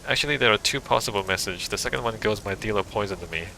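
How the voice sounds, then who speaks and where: A man voicing a suave, smug male drug dealer from a video game, in a smooth, unhurried, self-assured way. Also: lowish voice, bright, forceful tone, a little hiss or hum, rough recording. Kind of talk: reading game dialogue aloud.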